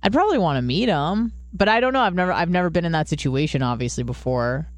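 A woman co-hosting a podcast, telling stories in casual chat, swearing freely and jumping into high quoted voices. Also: expressive, quick pace, dry recording. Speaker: podcast co-host.

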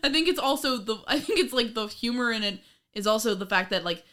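A woman co-hosting a casual podcast recap, animated and laughing, often swearing and acting out lines from the episode. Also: on the high side, fairly quick. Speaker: podcast co-host.

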